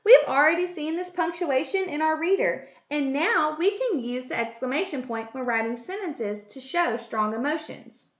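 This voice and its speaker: A woman's voice: sits high, expressive. Sing-song woman teaching first grade. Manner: deliberate, sing-song reading of example sentences. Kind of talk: slow, clear classroom instruction. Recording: echoey room, dull lo-fi sound.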